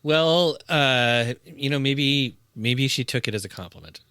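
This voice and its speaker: A man's voice: mid-range voice, expressive, measured pace, pushed and bright, smooth, no room sound. Laid-back guy cohost, teases his buddy, lots of uh-huhs, dry mic. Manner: easygoing, teasing, many affirming uh-huhs. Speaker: podcast co-host. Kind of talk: casual chat.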